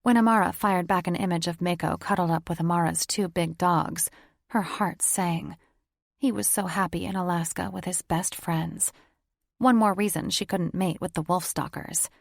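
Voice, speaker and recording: A woman narrates a paranormal romance audiobook in a steady storytelling voice. Her tone sits low with a gravelly, creaky texture. The recording is dry and close, with no room sound. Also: moderate pace, no room sound. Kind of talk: scripted narration.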